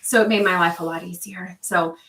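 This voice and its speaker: Chatty lady hosting a livestream, bright voice, roomy and a bit far from the mic. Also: fairly low pitch, fairly even intonation, a little fast, slight background noise. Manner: chatty, answering viewer comments by name. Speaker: livestream host. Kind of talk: casual livestream chat. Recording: echoey room, voice a bit off-mic.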